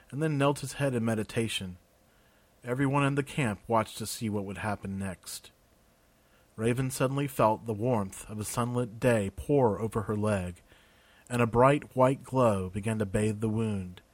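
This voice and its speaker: A man narrating a fantasy story in an even, measured way. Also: lowish voice, no echo. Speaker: audiobook narrator.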